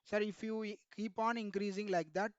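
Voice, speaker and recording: A man leads an online technical class, pausing often to ask the students questions and calling them sir. His voice sits high and comes across smooth and resonant. The sound is dry and muffled. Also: fairly even intonation, dry recording. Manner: repeatedly quizzes students, addresses them as sir. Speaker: instructor.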